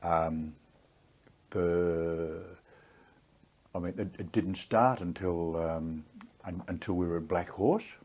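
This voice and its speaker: A man's voice: sits low, slow pace, long pauses, a little mellow. An older Australian man, a war veteran, telling his story in a plainspoken, gritty way in an oral history interview.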